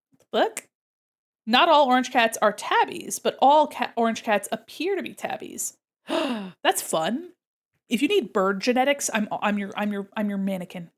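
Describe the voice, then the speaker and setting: A young adult woman chatting casually on her art livestream, excitable and gushing, giggling often. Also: on the high side. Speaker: art streamer.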